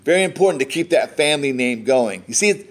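A man's voice: medium pitch, lively intonation, brisk. An American man preaching a sermon, reading scripture aloud and explaining it in a conversational way. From United States. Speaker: pastor.

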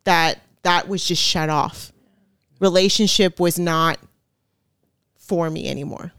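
A woman's voice: on the low side, fairly even intonation, slow pace, fairly bright tone, clear, resonant tone, no room sound, studio quality. A woman chatting as a podcast guest, telling a personal story in a chatty way with many fillers and frequent laughs. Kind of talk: casual storytelling chat.

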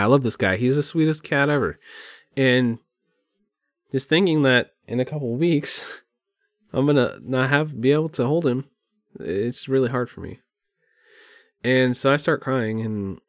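A man's voice: mid-range voice, dry recording, studio quality. A man talking candidly in a rambling, open and emotional way at home, as a podcast host. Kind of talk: candid personal monologue. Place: at home by his computer.

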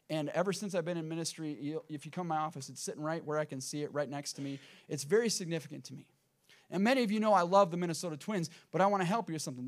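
A middle-aged man preaches a sermon in a church sanctuary. His voice sits a little higher than most men's. He tells a story earnestly and drives points home by repeating them. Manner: earnest storytelling with emphatic repetition. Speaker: pastor.

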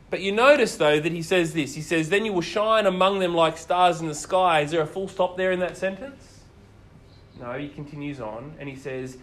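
A man preaching a sermon, telling the stories in a lively way and asking his listeners questions. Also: on the high side. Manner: animated storytelling, asks the listeners questions.

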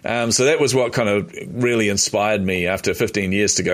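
A man's voice: fairly low pitch, a little fast. A middle-aged man with a New Zealand accent, a podcast guest telling stories animatedly and acting out the dialogue. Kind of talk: casual storytelling interview.

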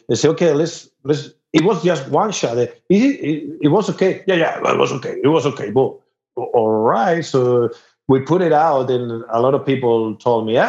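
A man from Spain with a thick Spanish accent, a musician chatting casually, halting and repeating words, laughing often. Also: mid-range voice, expressive, a little mellow. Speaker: musician guest. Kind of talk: casual podcast chat. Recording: roomy, dull lo-fi recording.

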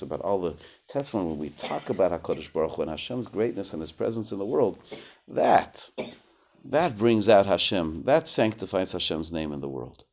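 Low-voiced man teaching a prayer text. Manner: measured, translates each phrase, repeats himself. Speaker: Torah teacher. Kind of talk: prayer-book lesson.

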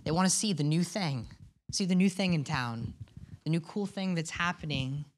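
Low-voiced earnest woman pastor preaching. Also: normal speed. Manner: earnest, repeats words as she restarts; asks the congregation questions. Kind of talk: sermon.

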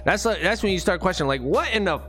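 Profane slangy male ranter, high voice, faint music behind. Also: animated, fast talker, bright, forceful tone. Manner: profane, slangy, rambling and emphatic. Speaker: vlogger on money and bitcoin. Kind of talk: unscripted monologue rant.

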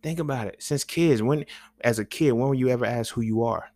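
A man's voice: medium pitch, brisk, darkish tone, no room sound. A man hosting a podcast, talking in a loose, rambling, profane monologue full of slang, often asking "you feel me". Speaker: podcast host. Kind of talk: casual monologue.

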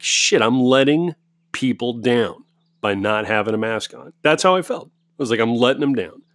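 An American man telling a story alone in a home studio, profane and animated, ranting and swearing as he goes. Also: medium pitch, dry recording. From United States. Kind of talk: casual storytelling monologue.

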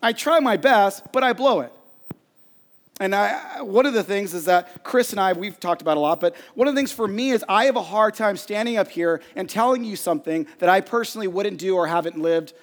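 Animated high-voiced pastor in a reverberant hall. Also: male voice, fairly quick. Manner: self-deprecating, animated anecdote. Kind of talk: storytelling sermon. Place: church stage.

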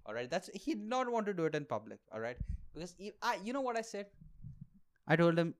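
A man's voice: a little high, normal speed, long pauses. A young man hosting a solo comedy podcast, ranting loosely and swearing freely. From India. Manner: animated, swearing, jumps into mock voices. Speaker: podcast host, stand-up comedian.

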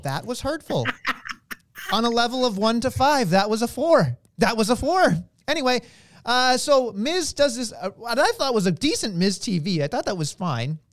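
A man co-hosting a casual wrestling podcast, excitable and jokey, often poking fun at himself. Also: extremely high pitch, normal speed, dry recording. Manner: excitable, jokey, self-mocking. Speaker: podcast co-host.

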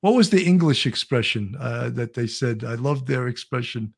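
A man's voice: mid-range voice, animated, normal speed, creaky, husky. New guy co-hosting a live stream, chatty, rambling through viewer comments. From Brooklyn, New York. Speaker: co-host. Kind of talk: casual live-stream chat.

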